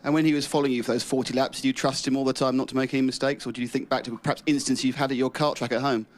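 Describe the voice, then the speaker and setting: Man, podium interviewer, fast-talking, brisk jokey questions. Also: mid-range voice, flat delivery. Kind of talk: post-race podium interview.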